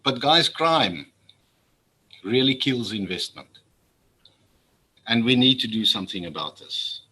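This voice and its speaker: A man's voice: medium pitch, big pitch swings, a little slow, pushed and bright, slightly rough, low-quality recording. A man gives a formal speech to an assembly as a public official. He speaks earnestly and often repeats words when he feels strongly. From South Africa.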